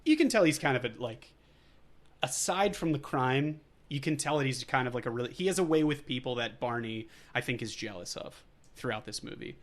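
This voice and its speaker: A man's voice: medium pitch, animated, fairly quick. A man co-hosting a podcast, recapping a movie in casual chat, rambling loosely with lots of fillers and frequent laughter. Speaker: podcast co-host.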